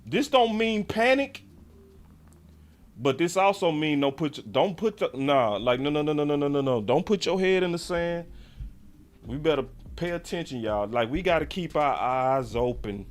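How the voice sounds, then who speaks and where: Animated man hosting a sports show. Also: a little high, unhurried. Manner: excitable, repeats phrases, mocking exclamations. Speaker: sports channel host. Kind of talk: animated live-stream commentary.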